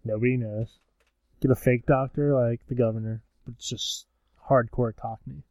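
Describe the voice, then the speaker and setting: Young guy, podcast host, mellow tone, dry close sound, casual banter. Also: medium pitch, fairly even intonation, no echo. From United States. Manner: joking, fills pauses with "um".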